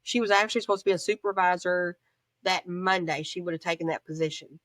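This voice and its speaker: Low-voiced woman telling her story. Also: steady tone, quick pace, fairly bright tone, no echo. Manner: plain-spoken, storytelling with reported speech. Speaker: interview guest, bereaved mother. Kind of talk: emotional personal account.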